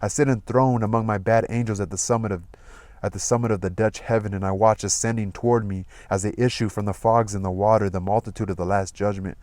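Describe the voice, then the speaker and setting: A man reading a novel aloud in a measured, expressive way. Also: on the low side, no echo. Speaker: audiobook reader.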